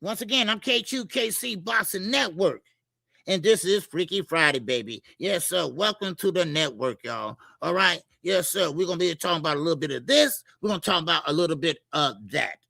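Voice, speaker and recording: A man hosting a laid-back boxing livestream, his voice pitched high with a gravelly, bright edge. He greets viewers in the chat one by one and fills the gaps with steady "all right" and "yes sir". The sound is dry and close, with no room around him. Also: a little fast, no room sound. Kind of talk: casual live-stream chat.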